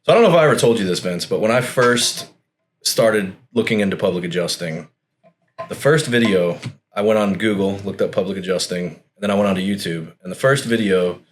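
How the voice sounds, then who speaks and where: A man's voice: low-pitched, fairly quick, a little hiss or hum. A man hosting a podcast, chatting in a friendly, laid-back way and calling his guest "man" often. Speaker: podcast host. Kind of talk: casual podcast chat.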